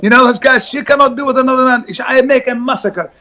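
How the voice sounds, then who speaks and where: A man putting on a boastful Lebanese hustler in a comedy bit: he brags in a pushy sales patter, his voice high and bright, keen to sell anything. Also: steady tone, fast. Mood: boasting.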